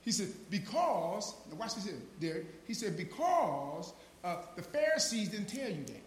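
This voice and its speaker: A man preaching an informal sermon with fervor, calling listeners by name, repeating "now watch this" and building to shouted peaks. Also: sits high, big pitch swings, moderate pace, slight background noise. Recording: roomy echo.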